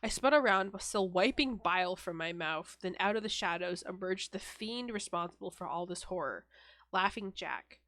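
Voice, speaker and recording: A young woman co-hosting a podcast, reading a horror story aloud in a flat, deadpan way, often breaking off to laugh and swear. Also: lowish voice, normal speed, no echo. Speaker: podcast co-host.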